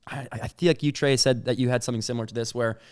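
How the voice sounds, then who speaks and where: A man's voice: mid-range voice, steady tone, racing, darkish tone, clean tone. A young man co-hosting a podcast, telling childhood stories in casual chat, rambling with lots of "like" fillers and laughing as he talks. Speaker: podcast co-host.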